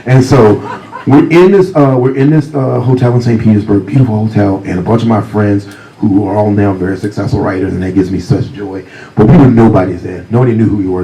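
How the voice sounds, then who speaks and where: Deep voiced guy telling funny stories at a library talk, mellow tone, mic right up close. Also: slight background noise, rough recording. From Virginia, USA. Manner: warm, humorous anecdotes, often laughing. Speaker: guest author. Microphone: handheld mic close to mouth.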